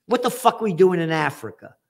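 Here a man's voice runs high and fast, with big swings in pitch, vocal fry and a slight roughness. He's a trends forecaster hosting a show, reciting headlines and answering each with shouting, sarcastic, profanity-laced ridicule.

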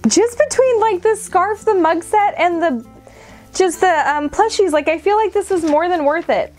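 Gushing high-voiced woman unboxing. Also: normal speed, faint music behind. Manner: gushing, excitable, frequent gasps and squeals. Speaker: unboxing vlogger. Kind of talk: casual unboxing chat.

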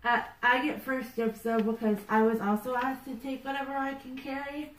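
A woman's voice: high voice, little pitch movement, moderate pace, slight background noise. A woman player chatting casually and with slang at a tabletop game. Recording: echoey room from a distance.

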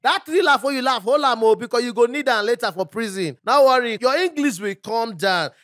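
A man's voice: extremely high pitch, animated, brisk, a bit bright, no room sound, clean studio sound. A man with a Nigerian accent playing a police officer in a comedy skit, taunting and laughing in a Pidgin-mixed way. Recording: music playing underneath. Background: music.

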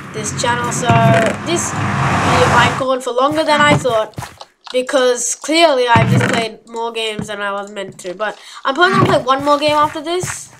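A woman giving chatty, rambling gameplay commentary with excitable outbursts, recorded at home with mouse clicks heard. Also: high voice, heavy background noise. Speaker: gaming YouTuber.

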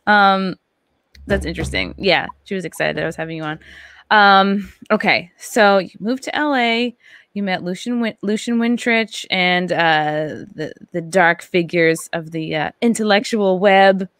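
A young woman hosts a casual podcast interview, reacting with lively enthusiasm. Her voice sits at an average pitch and sounds dry and close to the mic. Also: measured pace, no echo. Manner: animated, enthusiastic, acts out quotes. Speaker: podcast host.

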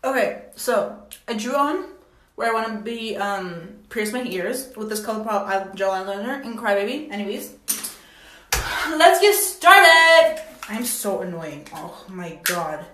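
A young woman vlogging casually at home, excitable and dramatic, with sudden loud exclamations. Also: mid-range voice, moderate pace. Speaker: beauty vlogger. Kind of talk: casual vlog chat. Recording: echoey room with faint noise.

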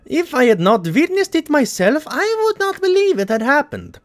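A man's voice: very high-pitched, big pitch swings, normal speed, dry recording, voice pushed up. A man putting on a stiff German official reading a letter. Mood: formal. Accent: mock German.

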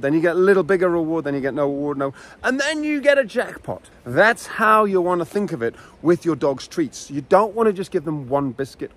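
A male dog trainer explaining his methods in an easygoing, chatty way. His voice sits a little high and swings widely up and down as he acts out dogs and owners. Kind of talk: casual instructional talk.

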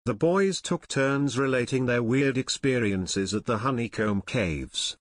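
A man reads a novel aloud in a steady, measured narrator's voice. His pitch is middling, and the close mic leaves the sound dry, with no room echo. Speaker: audiobook narrator. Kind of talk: unabridged audiobook narration.

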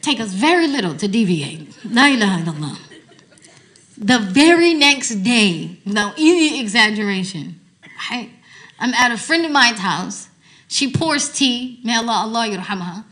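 American woman religious teacher, bright, fairly high voice, animated storytelling sermon. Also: unhurried. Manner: lively storytelling, animated swings from hushed to loud. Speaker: Islamic teacher. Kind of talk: sermon to a women's gathering.

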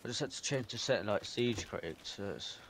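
A man's voice: lowish voice, brisk, heavy background noise. A man on voice chat as a teammate, giving short game callouts. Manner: terse callouts. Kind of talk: casual gaming chat.

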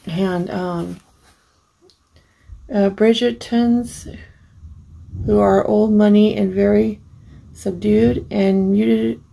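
Gravelly, gushing woman crafter. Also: mid-range voice, fairly even intonation, drawn-out words, long pauses, warm tone, slight background noise, rough recording. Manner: gushing, admiring, full of fillers. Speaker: crafting channel host. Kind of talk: casual unboxing look-through.

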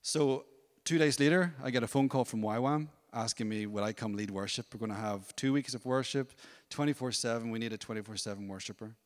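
A man giving a testimony at a church service, telling his story in a lively way and acting out other people's voices. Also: mid-range voice, brisk, few pauses, in a large hall. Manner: storytelling, animated, acts out voices. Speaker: worship leader. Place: church hall.

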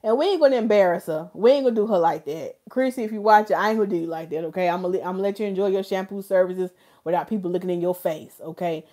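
A woman's voice: fairly low pitch, rapid-fire. A woman from North Carolina, chatting casually and joking with viewers as a hairstylist hosting a livestream. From North Carolina, USA. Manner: animated, playful, joking with viewers.

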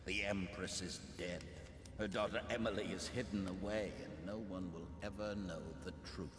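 An actor playing a cold, scheming male usurper who gloats with calm menace in a game. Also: low-pitched, normal speed, lightly acted. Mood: gloating. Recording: echoey hall with noisy game ambience.

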